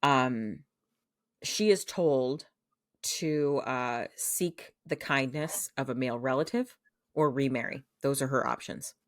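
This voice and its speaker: A woman's voice: a bass voice, slow, dry recording, clean studio sound. A woman co-hosting a podcast, rambling casually through a show recap with lots of fillers. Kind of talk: casual chat.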